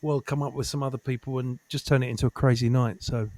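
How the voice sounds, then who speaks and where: A man from Essex, a comedian guest in casual chat who is animated, swears and repeats himself for emphasis. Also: mid-range voice, fast talker. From Essex, England.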